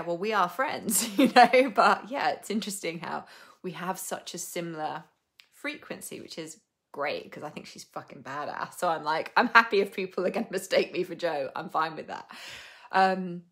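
A woman's voice: low-pitched, a bit bright. A young adult woman hosting a casual live stream, chatty and rambling, who laughs often and swears offhandedly.

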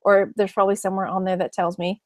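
This middle-aged reseller vlogger from Texas speaks fast in a mid-range voice with flat delivery, and the recording has no room sound. Chatting casually to camera about her week and reselling work, she laughs a lot and mimics her mother.

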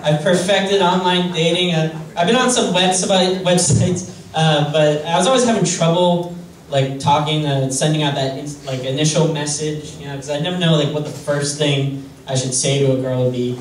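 A man doing a stand-up comedy set on a club stage, deadpan and self-deprecating, hesitant with many fillers. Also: a little high, normal speed. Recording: roomy distant club recording with noise.

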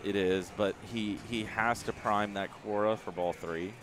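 A man explaining pinball strategy and standings as a tournament commentator, working through the numbers out loud. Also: lowish voice, fairly even intonation, a little slow, a crowd in the background. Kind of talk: analytical commentary. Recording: crowded venue behind.

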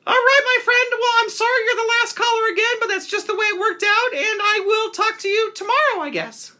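A man's voice: very high-pitched, brisk, bright, forceful tone, full character voice. A man voicing a cheery male toilet paper puppet who hosts a live call-in show with chatty, playful talk. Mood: cheerful. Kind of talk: live stream call-in chat.

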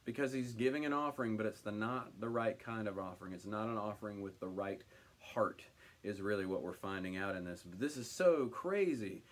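Animated man leading a Bible study. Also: fairly low pitch, brisk. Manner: animated, paraphrasing God's words in a direct conversational voice. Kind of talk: reading scripture aloud and commenting.

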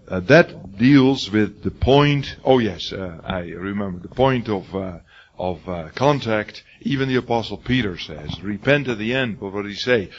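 An older man with a raw, hoarse voice lectures a class in an emphatic, repetitive way, restarting his sentences often. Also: fairly low pitch. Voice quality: husky. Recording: dull lo-fi classroom recording.

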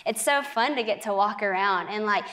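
A woman's voice: mid-range voice, sharp tone. A young woman sharing a faith testimony as a guest in a TV interview, earnest and chatty, with a lot of "like"s. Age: young adult. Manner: earnest, chatty, many "like"s, quick laughs.

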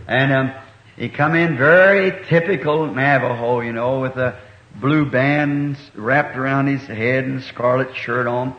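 A man's voice: medium pitch, fairly even intonation, measured pace. A middle-aged man preaching in a folksy, colloquial way, spinning homespun stories with rural grammar in a church meeting hall. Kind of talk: folksy sermon storytelling. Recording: echoey, dull 1960s meeting recording.

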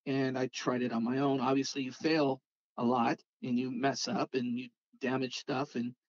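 A man, a podcast guest telling a rambling, animated story and acting out the dialogue. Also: mid-range voice, moderate pace, no echo, highs cut off. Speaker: podcast guest, scale model car artist. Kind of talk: casual storytelling chat.

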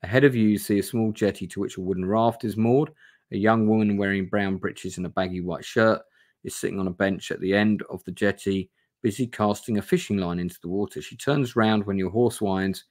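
On a home stream, a man reads his gamebook play-through aloud on camera in a lowish, fairly even, brisk voice. The session blends live reading with relaxed chat, swearing, and viewer interaction.

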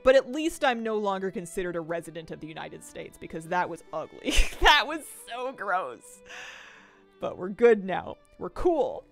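Young woman gaming on stream, rambly and giggly, voice bouncing all over, bit of quiet music behind. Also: on the low side, expressive, fairly quick, vocal fry, hardly any pauses. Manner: chatty, rambling, laughs often. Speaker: game streamer. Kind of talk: casual live-stream chat while gaming.

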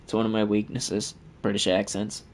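A man's voice: on the low side, monotone, moderate pace, a little hiss or hum. A man giving profane, trash-talking commentary over his own gameplay as the channel host.

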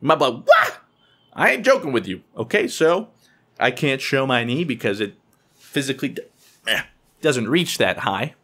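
A young man telling a funny story to camera in an excitable, animated way, often squealing in high voices when he quotes people. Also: normal speed, long pauses.

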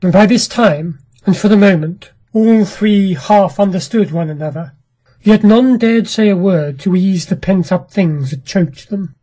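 A woman reading a classic short story aloud in a measured, dramatic narration. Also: medium pitch, warm tone, slightly rough.

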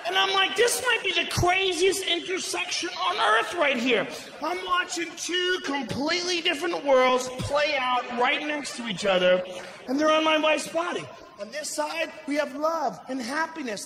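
A middle-aged man doing a stand-up comedy set, telling a story loudly and profanely with shouted bursts. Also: very high-pitched, normal speed, a crowd in the background. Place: comedy venue on stage. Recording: echoey live venue with ambience.

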